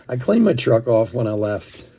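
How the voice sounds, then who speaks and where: A man's voice: mid-range voice, noisy background. A man, host of a live card-breaking stream, telling a rambling story full of "like" and chuckles. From Philadelphia area. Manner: rambling, chuckles often, says "like" a lot. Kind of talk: live-stream storytelling while opening cards.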